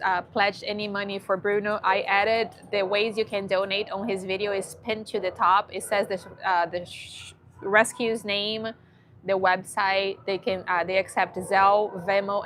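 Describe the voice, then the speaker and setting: A woman's voice: medium pitch, fairly bright tone, slight background noise. A woman chatting casually on a livestream from a dog shelter, emotional and cooing at a shy dog.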